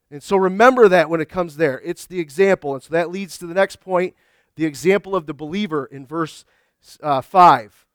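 Man, pastor, earnest sermon, emphatic, high voice, dry recording. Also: normal speed, smooth, dry recording. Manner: earnest preaching with frequent restarts and rising emphasis. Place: church sanctuary.

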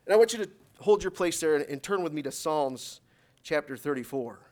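Preaching in church with an animated voice that sits a little high for a man, this speaker mixes storytelling with slow readings of scripture. His emphatic calls to praise keep building until they become loud exhortation.

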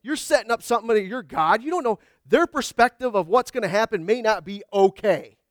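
Man, middle-aged, preacher, sermon, high voice, conversational with jokes and asides, dry close sound. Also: expressive, brisk, no echo.

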